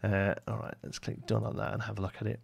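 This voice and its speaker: A man's voice: fairly low pitch, flat delivery, fast talker, gravelly, breathy edge, dry recording. A man with a Brummie accent chatting casually on a live stream while he builds, reading viewers' messages and answering them. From West Midlands, England. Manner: chatty, reads chat aloud and answers viewers.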